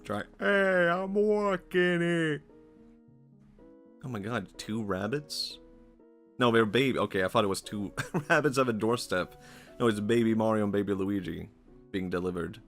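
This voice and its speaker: A low-pitched man with a gravelly, creaky edge to his voice, rambling chattily as he comments on a game he's streaming. He laughs a lot between thoughts, and soft game music plays faintly underneath. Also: normal speed. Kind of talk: casual gameplay commentary.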